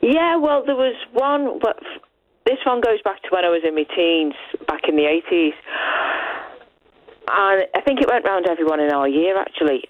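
A woman, calling in to a radio show and telling a story in a lively way. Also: on the low side, moderate pace, no room sound. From Liverpool. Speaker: caller. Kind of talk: phone-in chat. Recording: tinny phone line.

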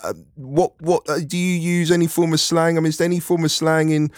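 A man's voice: fairly high pitch, flat delivery, fairly quick, no echo. Chatty male radio host, dry studio. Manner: chatty, filler-heavy, friendly. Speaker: radio presenter. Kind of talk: phone-in chat.

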